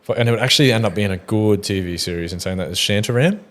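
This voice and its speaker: A man's voice: on the low side, fast talker, fairly bright tone. A young Australian man co-hosting a casual podcast, swearing freely and laughing often as he chats. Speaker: podcast co-host. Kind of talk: casual chat.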